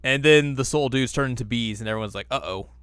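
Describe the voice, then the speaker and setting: A man's voice: medium pitch, fast, a bit bright, smooth, no echo. A man co-hosting a casual recap chat, joking around and putting on silly voices as he retells scenes. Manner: playful, puts on silly voices while recapping. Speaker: podcast co-host.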